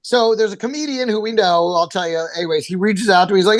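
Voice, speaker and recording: A man's voice: high-pitched, fast talker, few pauses. A man who is a stand-up comedian, telling heated, profane stories in casual podcast chat and acting out the people he quotes.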